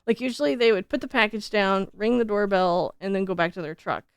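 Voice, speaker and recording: A woman streamer telling stories in casual, animated chat, full of fillers like "like". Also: medium pitch, a little fast, smooth, no room sound. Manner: animated, chatty, many fillers like "like". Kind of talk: casual live-stream storytelling.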